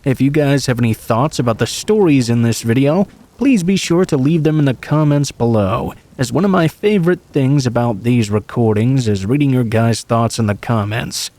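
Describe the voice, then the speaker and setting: A man's voice: mid-range voice, moderate pace, a little mellow. A man hosting a channel, reading true scary stories aloud in a casual, friendly delivery. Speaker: host and story narrator.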